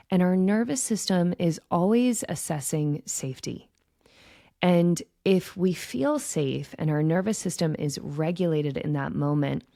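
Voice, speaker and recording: A woman with a low, gravelly, mellow voice hosts her own podcast and works as an intuition coach, giving a calm teaching monologue. She explains ideas slowly, gently and reflectively, often pausing to check in with "right?". The recording is dry and close, with no room sound or echo.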